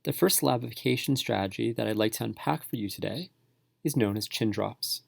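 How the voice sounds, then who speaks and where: A man teaches spelling strategies in a calm tutorial voice, breaking words into syllables slowly and clearly. His voice carries a heavy gravelly fry. The sound is close and dry, with no room behind it. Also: medium pitch, dry recording. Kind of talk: instructional tutorial narration.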